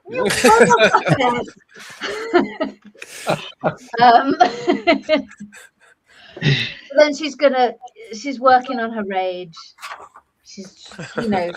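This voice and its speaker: A woman's voice: mid-range voice, a little hiss or hum, poor audio. A woman playing in a tabletop role-playing game, talking casually and restarting her sentences. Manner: chatty, with restarts. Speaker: player.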